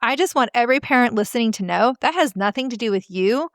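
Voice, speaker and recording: A woman parenting coach telling stories and giving advice in a podcast interview, earnest and animated, with frequent filler words. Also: a little high, quick pace, no echo, clean studio sound.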